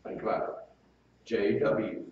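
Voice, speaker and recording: A man's voice: a little slow, a little mellow, recorded from a distance, a little hiss or hum. Male preacher, folksy storytelling sermon, very echoey church, dull muffled sound. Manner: folksy, conversational storytelling with asides. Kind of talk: sermon with personal anecdotes.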